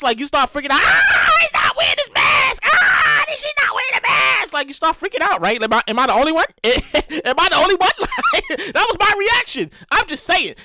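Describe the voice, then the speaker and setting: A man hosting his own podcast in a casual solo monologue, animated and profane, often repeating himself. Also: extremely high pitch. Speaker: podcast host.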